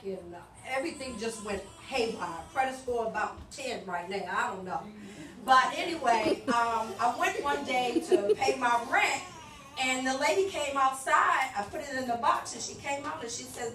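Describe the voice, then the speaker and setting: A woman telling her testimony in church, a lively storyteller who acts out both sides of conversations. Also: on the high side, a little hiss or hum. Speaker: church member giving a testimony. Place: church hall. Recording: echoey hall, picked up from far off.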